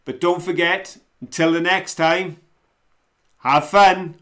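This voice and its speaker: A man chatting casually outdoors by a lake as a vlog host, self-mocking and relaxed. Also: high-pitched, slow.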